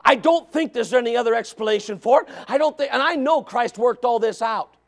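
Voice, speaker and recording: Man, pastor, sermon, high voice, gravelly, shouts then goes hushed, stammers. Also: a little fast. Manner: swings from shouting to hushed softness; stammering restarts.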